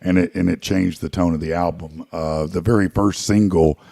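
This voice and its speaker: A man's voice: low-pitched, steady tone, moderate pace, vocal fry, warm tone, dry recording, clean studio sound. A man chatting as a guest musician, rambling with many fillers and restarts. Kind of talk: casual interview chat.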